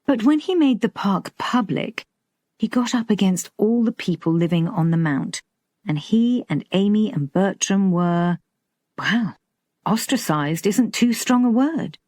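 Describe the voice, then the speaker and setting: A woman reading an audiobook voices a middle-aged father who explains things in an even, matter-of-fact way. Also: mid-range voice, unhurried, dry recording, studio quality. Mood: measured. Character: calm middle-aged father, dry and measured.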